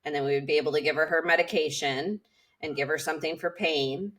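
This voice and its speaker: A woman hosting a podcast, speaking a little low for her sex. She tells her story in an animated, conversational way. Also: fast talker. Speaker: podcast host. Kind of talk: casual conversation.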